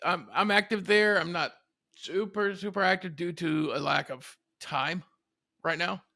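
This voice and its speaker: A man in his fifties from Texas, talking as a guest in a relaxed, chatty, self-deprecating way. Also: sits high, measured pace, gravelly. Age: 50s. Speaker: guest musician. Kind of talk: casual conversation.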